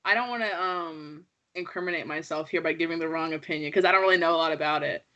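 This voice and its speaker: A young woman speaks as an interview guest, frank but hedging, with plenty of "like". Her voice is bright and sharp. It comes through a dull, lo-fi remote call. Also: low voice, fast. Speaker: guest commentator. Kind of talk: casual interview.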